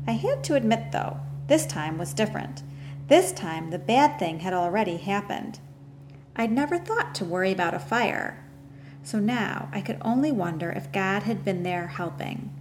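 A woman narrates a first-person novel in a measured, earnest storytelling voice. Her reading has the steady pace of an audiobook, with a faint hiss in the background. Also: mid-range voice.

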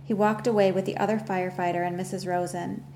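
A woman narrates a first-person novel in a measured, earnest storytelling voice. Her reading has the steady pace of an audiobook, with a faint hiss in the background. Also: medium pitch.

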